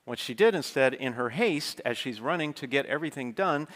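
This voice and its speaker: A man delivering a sermon in a relaxed, conversational way, weaving in personal stories and frequent asides to the congregation. His voice sits at an ordinary middle pitch. A long reverb trails his words through the big church. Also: fairly quick. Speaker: preacher. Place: large church.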